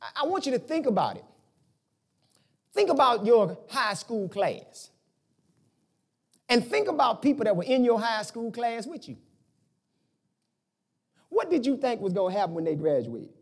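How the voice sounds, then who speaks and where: Man, preacher, sermon, high voice, animated delivery, colloquial, bursts of shouting. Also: moderate pace, long pauses, slightly rough.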